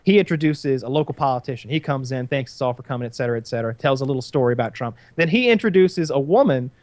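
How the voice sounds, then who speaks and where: A man's voice: medium pitch, animated, fast talker, a little mellow, dry recording. A man telling a long story in casual chat, rambling and profane with frequent restarts.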